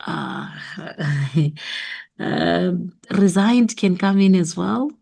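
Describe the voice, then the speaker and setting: A woman with a South African accent takes a class through an exam memo. She speaks slowly, and her voice has a gravelly, creaky edge. She thinks aloud and repeats her answers. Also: lowish voice, animated, warm tone. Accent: South African English. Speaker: teacher going over exam memo. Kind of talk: exam revision lesson.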